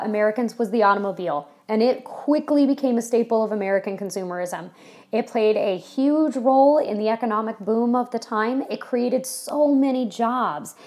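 A woman's voice: a little high, normal speed, darkish tone. A woman from California giving a casual history lecture to a class, chatty and full of ums and you-knows. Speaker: history teacher.

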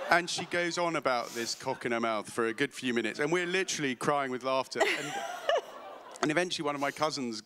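On stage at a literary festival, a male author entertains the live crowd with self-mocking, laughter-filled stories while being interviewed. His mid-range voice swings widely in pitch and runs a little fast, with background noise in the recording.

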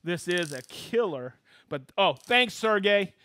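A man hosting a live stream, chatting casually and excitedly calling out where his viewers are watching from, with whoops. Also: high voice, unhurried, clean tone. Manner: excitable, whoops while reading out viewer locations. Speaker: live show host.

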